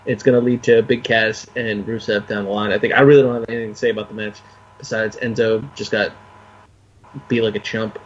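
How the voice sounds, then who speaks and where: A man's voice: lowish voice, fairly even intonation, a little fast, muffled recording, slight background noise. A man co-hosting a casual wrestling podcast, making dry, sarcastic remarks. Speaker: podcast co-host.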